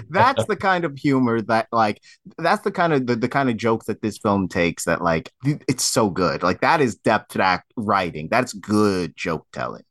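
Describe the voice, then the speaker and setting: A man's voice: mid-range voice, a bit bright, dry recording, clean studio sound. A man chatting casually as a guest on a podcast, enthusiastic, often laughing and restarting his sentences. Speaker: podcast guest film critic. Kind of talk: casual chat.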